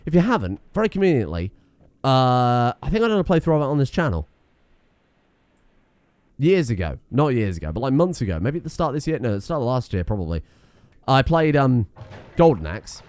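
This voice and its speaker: A man's voice: medium pitch, darkish tone. A man giving casual let's-play commentary, rambling, self-mocking and swearing freely as he plays. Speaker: gaming streamer.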